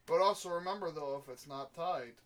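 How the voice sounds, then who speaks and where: A young man co-hosting a podcast, posing deadpan hypothetical questions in crude banter. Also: fairly high pitch, fairly quick. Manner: deadpan, musing "technically" questions. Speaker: podcast co-host.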